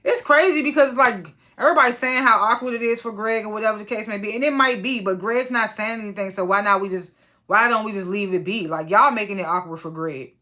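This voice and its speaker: A woman's voice: mid-range voice, fast, sharp tone. A woman casually recapping a reality TV episode, chatty and slangy, with lots of fillers and exasperated asides.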